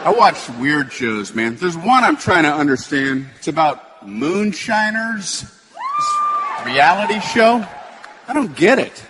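A male stand-up comedian with an incredulous delivery who shouts his punchlines. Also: fairly high pitch, wildly swooping pitch, slow, a crowd in the background. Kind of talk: stand-up routine. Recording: noisy live recording with audience.

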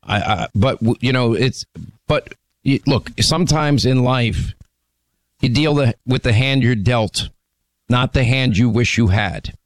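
A man's voice: medium pitch, unhurried, no room sound. A man hosting a political talk radio show, firm and opinionated, often restarting his sentences as he argues his points. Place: radio studio.

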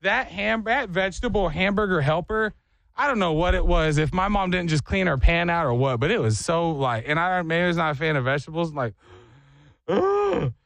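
A man hosting a morning radio show, telling stories in an animated way and mimicking other people's voices. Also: a little high, fairly quick, dry recording. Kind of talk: casual morning radio chat.

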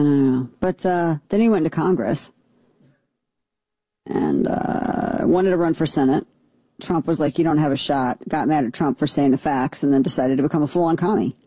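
A woman hosts talk radio with a sarcastic, combative edge, rambling through asides and fillers. Her voice is low-pitched, dark and a bit husky, recorded dry and close. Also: no echo. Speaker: radio talk show host. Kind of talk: opinionated talk radio monologue.

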